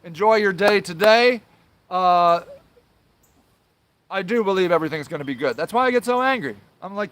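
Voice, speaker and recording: A man's voice: high voice, lively intonation, normal speed, long pauses, a bit bright, no room sound. A man hosting a livestream, ranting angrily with constant swearing, stumbling over filler sounds and apologizing as he goes. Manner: angry, profane, swears constantly; apologizes then rants on, trailing filler sounds. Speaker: show host. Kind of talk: livestream rant to viewers.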